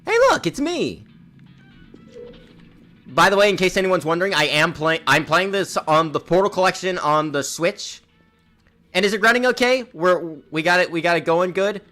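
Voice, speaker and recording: A man's voice: high voice, a little fast, sharp tone, soft background music. A young man streaming a game in casual chat, rambling and restarting his words, with a slightly sore throat. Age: young adult.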